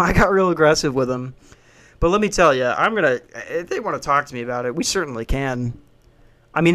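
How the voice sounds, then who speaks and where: A man's voice: fairly high pitch, fairly bright tone. A man who works a hotel front desk, venting in a worked-up, profane rant about a coworker. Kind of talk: venting storytime vlog.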